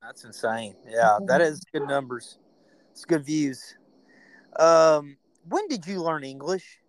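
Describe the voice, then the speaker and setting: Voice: medium pitch, expressive, slow pace, no echo. A laid-back podcast host asking questions in casual chat.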